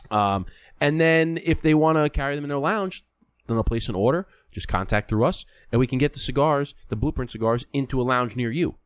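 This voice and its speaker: A man's voice: on the low side, no room sound. A man co-hosting a podcast, talking in a blunt, casual way with the odd curse. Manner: blunt, profane storyteller. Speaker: podcast co-host. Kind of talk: casual chat.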